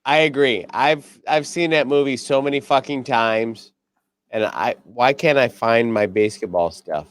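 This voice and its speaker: A man's voice: medium pitch, a little slow, dry recording. A middle-aged man co-hosting a podcast, chatting casually, swearing freely and acting out movie quotes. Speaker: podcast co-host. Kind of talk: casual chat.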